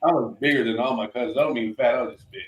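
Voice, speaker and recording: A middle-aged man co-hosting a casual morning talk show, telling lively stories with laughter and putting on voices of the people in them. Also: medium pitch, very fast, reverberant, highs cut off, slight background noise. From Florida. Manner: animated, laughing, acts out voices in his stories. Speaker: co-host. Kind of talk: casual storytelling chat.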